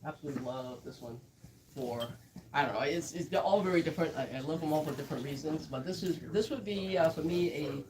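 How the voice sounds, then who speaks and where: A woman's voice: low-pitched, quick pace, a little mellow, far from the mic, low-quality recording. A woman who blends whiskey, chatting through a live tasting and telling stories with quoted asides.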